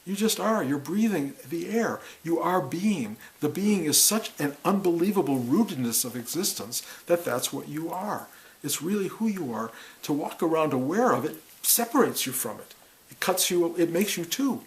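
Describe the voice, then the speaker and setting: A man's voice: a little high, moderate pace, low-quality recording. Musing man giving a spiritual talk. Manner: musing, repeats words, animated bursts. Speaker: spiritual teacher.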